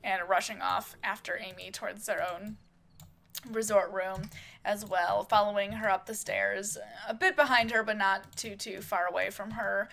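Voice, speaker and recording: A woman's voice: mid-range voice, gravelly, fairly bright tone. A woman casually narrating her own home-made life-sim soap opera, adding chatty asides.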